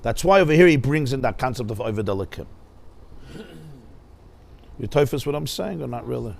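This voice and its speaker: Animated man teaching a Torah class. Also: mid-range voice, normal speed, creaky. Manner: animated, rhetorical questions, mixes Hebrew and Yiddish terms.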